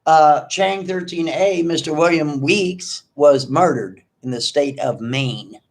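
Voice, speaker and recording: A man's voice: fairly high pitch, slow pace, vocal fry. A man hosting an online video, ranting at an absent rival in an accusing, mocking way and repeating himself often. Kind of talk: confrontational livestream rant.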